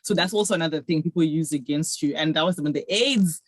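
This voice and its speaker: A woman's voice: sits low, quick pace, no room sound. Young woman musing through a podcast chat, lots of "like", dry close sound. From Zimbabwe. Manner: reflective, talks in long winding runs full of "like".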